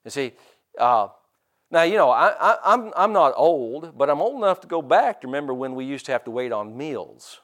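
A man's voice: mid-range voice, big pitch swings, moderate pace, a bit bright. A middle-aged man preaching a sermon, stretching out scripture quotes for emphasis and tossing casual asides to the congregation. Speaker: pastor.

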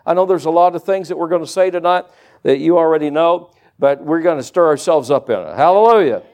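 A man preaching a sermon to a church congregation, animated and conversational, with folksy everyday asides. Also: fairly high pitch, brisk.

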